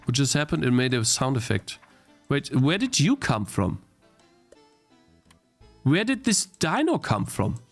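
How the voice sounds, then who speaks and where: A man's voice: medium pitch, very animated, unhurried, vocal fry, long pauses, faint music behind. A young man streaming a game he is playing, thinking aloud, restarting his sentences and getting easily frustrated. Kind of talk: live-stream gameplay commentary.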